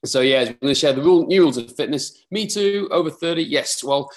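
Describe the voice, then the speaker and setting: A man's voice: on the high side, lively intonation, fairly quick. A man in his thirties with a slight Welsh twang to his British accent, hosting a live webinar in an upbeat, chatty way and reading out viewer comments. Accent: Welsh-tinged British. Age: 30s. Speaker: webinar host.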